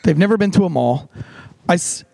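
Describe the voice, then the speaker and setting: A man's voice: high-pitched, expressive, gravelly, darkish tone, no room sound. A middle-aged man hosting a podcast, chatting casually with rambling asides and plenty of swearing. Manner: profane, rambling, quick asides. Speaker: podcast host. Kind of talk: casual podcast chat with a host-read ad.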